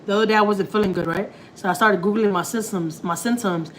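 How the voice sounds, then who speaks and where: A chatty Texan woman talks loosely to her viewers as she cooks in her kitchen, full of slang and laughing asides. Her voice is mid-pitched and unforced, picked up by a phone camera. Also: quick pace, a little hiss or hum, poor audio. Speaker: family vlogger. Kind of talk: casual live cooking chat. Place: home kitchen.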